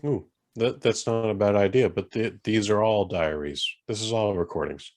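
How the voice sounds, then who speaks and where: A man's voice: lowish voice, moderate pace, a little mellow, no echo, clean studio sound. A man in his forties co-hosting a podcast, rambling in casual chat and swearing now and then. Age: 40s. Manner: rambling, swearing, self-interrupting. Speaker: podcast co-host.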